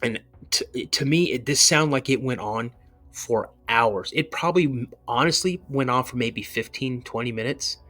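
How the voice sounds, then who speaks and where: A man's voice: mid-range voice, moderate pace, sharp tone. A man, a podcast guest, telling a personal encounter story in a rambling way, full of "you know" and restarts.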